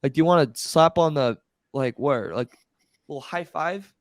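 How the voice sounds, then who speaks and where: A man co-hosting a sports podcast, animated and incredulous in casual chat. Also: fairly high pitch, normal speed, no room sound, clean studio sound. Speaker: podcast co-host.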